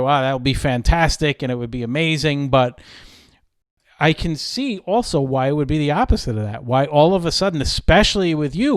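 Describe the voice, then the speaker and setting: A man's voice: medium pitch, no room sound. Easygoing male podcast host, dry sound. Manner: easygoing, affirming, rambles into questions. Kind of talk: interview.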